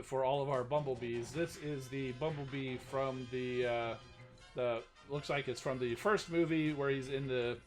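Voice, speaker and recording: A man hosting a live stream, chatting casually about toy news and reading out chat questions, rambling with many restarts. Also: mid-range voice. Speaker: stream host.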